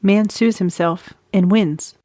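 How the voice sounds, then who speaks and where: A woman's voice: mid-range voice, takes it slowly, noisy background. A woman hosting a comedic true crime podcast in casual chat, often breaking into cackling laughter. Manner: giggly, keeps breaking into loud cackling laughter. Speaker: podcast host.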